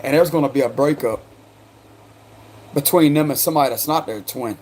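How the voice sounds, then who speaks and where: A man's voice: mid-range voice, brisk, darkish tone, a little hiss or hum. A man with a South Carolina accent doing a casual tarot card reading, slangy and chatty, breaking into laughter. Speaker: tarot reader.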